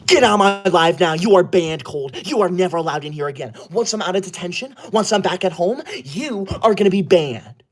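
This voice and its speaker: A man's voice: high voice, animated, fairly quick, hardly any pauses. A man doing a bossy, scolding schoolboy streamer. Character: bossy, touchy schoolboy livestreamer obsessed with rules. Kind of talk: comedic livestream parody.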